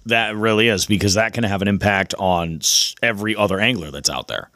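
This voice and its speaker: A man co-hosting a casual fishing podcast, agreeable and quick to affirm, who reads out listener questions. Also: lowish voice, bright, forceful tone, no room sound, studio quality. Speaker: podcast co-host.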